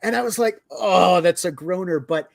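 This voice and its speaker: A man co-hosting a casual comic review chat, animated and picky about details. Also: high voice, moderate pace, creaky, no room sound, clean studio sound. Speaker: podcast co-host.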